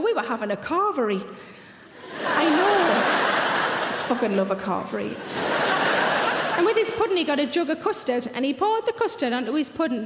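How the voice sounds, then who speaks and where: Middle-aged woman, high voice, deadpan standup, loud echoey theatre. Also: heavy background noise. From North East England. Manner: deadpan with rude punchlines. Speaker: stand-up comedian. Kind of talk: stand-up routine. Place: large theatre stage. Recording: echoey live theatre hall. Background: audience laughter.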